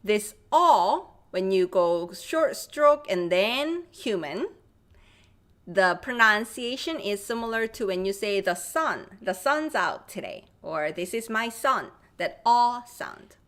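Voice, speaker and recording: A woman's voice: mid-range voice, sing-song, slow, fairly bright tone. Korean-accented woman teaching a live class. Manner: reads viewer comments aloud and answers them, drills sounds by repeating them. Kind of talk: live-streamed language lesson.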